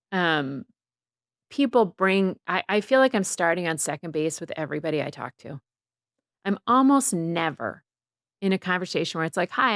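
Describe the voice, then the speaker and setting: A woman's voice: on the low side, smooth, no room sound, studio quality. A middle-aged woman, a guest author, talking reflectively in a casual interview. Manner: reflective, quotes people in lively voices.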